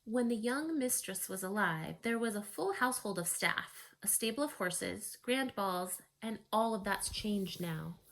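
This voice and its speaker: A woman's voice: medium pitch, expressive, moderate pace, close to an everyday voice. A woman voicing a stern older female housekeeper with a Yorkshire accent, scolding and disapproving. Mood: indignant.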